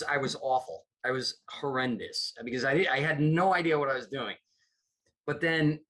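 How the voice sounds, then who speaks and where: This guest on a podcast is a middle-aged comedy producer from upstate New York whose mid-range voice sounds bright and forceful. In the relaxed interview chat he wanders off and keeps starting over.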